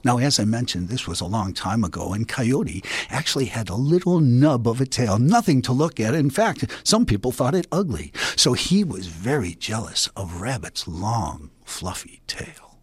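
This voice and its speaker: Man telling a folk tale, playful, hushed, husky, very animated, dry close sound. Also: mid-range voice, moderate pace, few pauses, no room sound. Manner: hushed, playful, dropping to whispers. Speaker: storyteller.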